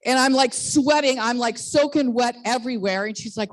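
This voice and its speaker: A woman in her sixties giving a bubbly, excited sales pitch full of personal testimonies on a video call, laughing at herself now and then. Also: brisk, dry recording, low-quality recording. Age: 60s. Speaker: network marketing presenter.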